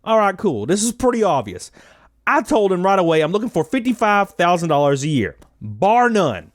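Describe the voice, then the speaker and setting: A man's voice: sits high, very animated, moderate pace, no room sound, clean studio sound. A young American man telling a job interview story to his channel, sarcastic and swearing, laughing at himself. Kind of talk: casual storytelling rant.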